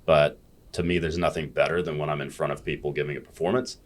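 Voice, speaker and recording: A man's voice: rumbling low, steady tone, quick pace. An American man telling stories as a guest in a casual podcast chat, blunt and freely swearing. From United States. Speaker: guest, fitness educator.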